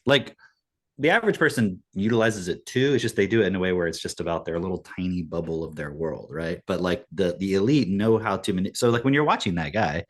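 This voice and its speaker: A man's voice: low voice, animated, fairly quick. A man co-hosting a podcast, talking bluntly and profanely in a rambling way. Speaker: podcast co-host. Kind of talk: casual podcast chat.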